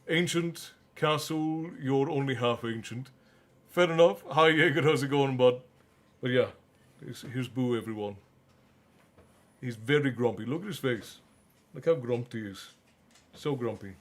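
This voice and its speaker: Chatty young male streamer. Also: medium pitch. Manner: chatty, teasing his pets while reading chat. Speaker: streamer reading a book aloud. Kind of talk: audiobook-style narration and casual stream chat.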